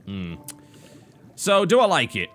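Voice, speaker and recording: A man's voice: fairly high pitch, wildly swooping pitch, slow, music in the background. Dry, sardonic British man reviewing games. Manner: dry, sardonic, self-mocking. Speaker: game reviewer. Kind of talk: game review commentary over gameplay.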